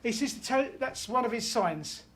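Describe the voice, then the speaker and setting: Higher-pitched woman doing a medium reading, chatty, keeps asking do you understand. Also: animated, moderate pace. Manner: chatty, relays messages, often checks in with "do you understand".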